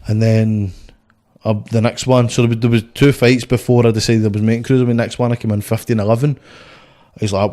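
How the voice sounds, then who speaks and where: A man's voice: medium pitch, level tone, fairly quick, warm tone. A young Scottish man, a boxer, telling stories in a blunt, sweary, rambling way on a casual podcast. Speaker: guest, boxer.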